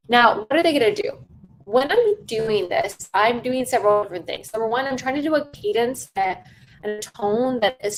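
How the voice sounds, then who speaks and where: A woman's voice: on the high side, a little hiss or hum, low-quality recording. Woman coaching with emphatic repetition. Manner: emphatic, repeats key phrases for stress; conversational, checks in with "right?". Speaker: sales trainer. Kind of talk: coaching lesson on sales calls.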